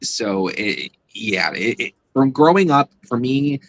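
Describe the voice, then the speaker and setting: A man's voice: mid-range voice, animated, takes it slowly, creaky, rough recording. A man being interviewed as a guest, talking casually and rambling with fillers and restarts. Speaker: guest, psychic medium and convention organizer.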